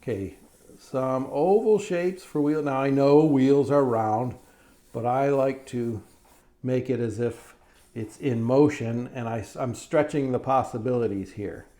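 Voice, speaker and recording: Man, middle-aged, cartoonist, drawing lesson for kids, unhurried, mellow tone, encouraging. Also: mid-range voice. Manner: friendly, encouraging, asks "right?" often.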